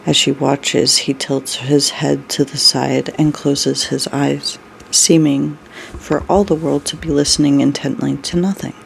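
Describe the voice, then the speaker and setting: Story reader, unhurried, occasional asides, slow paced, creaky voice. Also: medium pitch, level tone, slight background noise, low-quality recording. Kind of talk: reading a story aloud.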